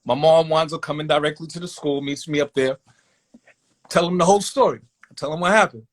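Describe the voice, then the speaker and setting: A man telling a long personal story in a casual, animated way, acting out voices in quotes. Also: a little high, fairly quick.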